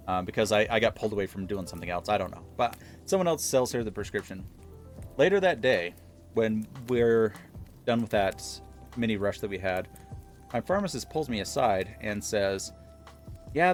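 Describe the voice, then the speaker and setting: A man casually telling viewers an exasperated story from his pharmacy job, acting out the dialogue as he goes. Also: fairly low pitch. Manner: exasperated, animated retelling with quoted dialogue.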